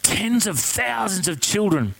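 A man preaching a sermon, telling a story in an animated, conversational way and asking the congregation questions. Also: sits high, measured pace, creaky, no room sound, poor audio.

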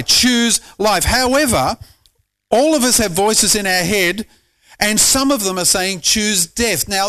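An Australian man with a rather high voice delivers a sermon. He keeps it conversational and joking, and he speaks straight to the congregation like he is chatting with them. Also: fairly bright tone. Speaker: pastor.

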